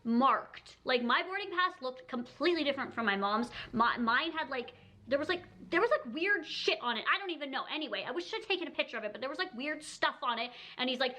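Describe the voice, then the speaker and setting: A young woman from Canada, telling a story to camera in a chatty, animated way and acting out what people said. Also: high voice, quick pace. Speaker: vlogger. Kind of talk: storytime vlog.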